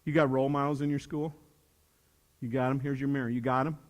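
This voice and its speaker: A man's voice: medium pitch, little pitch movement, fast talker. Emphatic older man in a reverberant hall. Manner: emphatic, joking, preacher-like repetition. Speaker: motivational speaker. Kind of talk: speech to a youth leadership audience.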